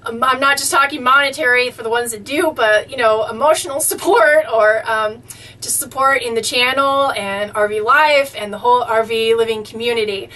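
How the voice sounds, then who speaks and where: Woman, high voice, heard from a step back from the mic; gushing, grateful vlogger reading letters. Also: moderate pace, pushed and bright, distant mic. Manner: effusive, easily touched, exclaims often. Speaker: vlogger reading fan mail. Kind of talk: casual chat.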